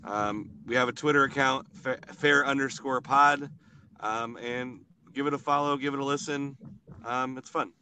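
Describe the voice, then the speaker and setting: Low-key man with a bright voice. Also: fairly even intonation, normal speed, slight background noise. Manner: brief, low-key answers. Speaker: podcast guest co-host. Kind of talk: casual podcast chat.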